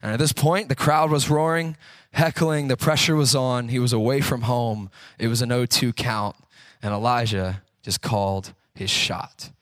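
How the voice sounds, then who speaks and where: A man's voice: medium pitch, steady tone, normal speed, a bit bright, no echo. A man preaching a sermon in a conversational way, asking rhetorical questions and acting out the quotes he tells. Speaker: pastor.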